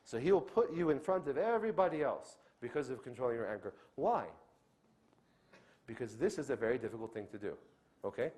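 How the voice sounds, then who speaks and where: A man lecturing at a brisk clip with a mid-range voice. He keeps the audience with him through frequent "okay?" check-ins and acts out the voices of the people in his examples. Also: medium pitch. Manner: animated, acts out quoted speech. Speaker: Islamic lecturer. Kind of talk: lecture on inviting others to Islam.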